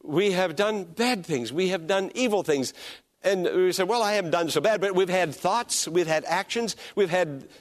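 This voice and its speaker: A man's voice: sits high, animated, normal speed. A man preaching a sermon as pastor, emphatic and repetitive, drawing out key phrases and calling on listeners to repeat them.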